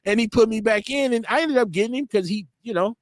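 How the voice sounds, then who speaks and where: A man in his forties hosts an internet radio show, telling stories in an animated, casual way, acting out what people said and swearing freely. His voice sits high and he talks fast, in a dry, studio-quality recording.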